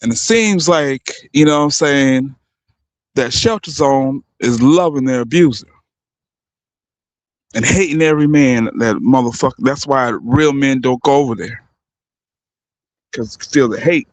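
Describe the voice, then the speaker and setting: A man's voice: mid-range voice, a little slow, pauses often, no echo. Heated, foul-mouthed male livestream host. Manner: profane and heated, repeatedly apologizing to viewers. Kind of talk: unscripted livestream rant.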